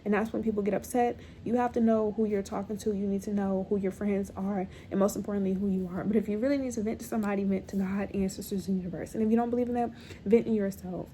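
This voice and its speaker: A woman's voice: medium pitch, fairly even intonation, fast, dark tone, slight background noise. A middle-aged woman giving emphatic, repetitive, direct self-help advice to her viewers. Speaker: mental health content creator. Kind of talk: motivational talk to camera.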